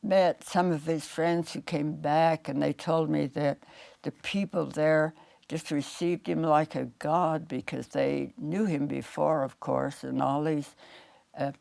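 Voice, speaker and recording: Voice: medium pitch, fairly even intonation, takes it slowly, creaky, darkish tone, no echo. An interviewee recalling what others told them, in a plain storytelling way. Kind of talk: interview recollection.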